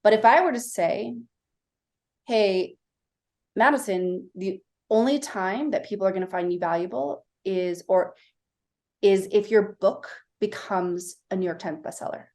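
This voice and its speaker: A woman guest on a podcast, a mindset coach, explaining ideas in a lively way and acting out quoted dialogue as she tells stories. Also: mid-range voice, unhurried. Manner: animated storytelling, acting out quoted voices. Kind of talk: casual interview chat.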